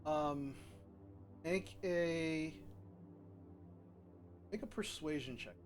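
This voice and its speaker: A man narrating a tabletop game as game master, describing the scene with hesitant pauses. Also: a little high, soft background music. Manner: hesitant, lots of ums and restarts while describing the scene.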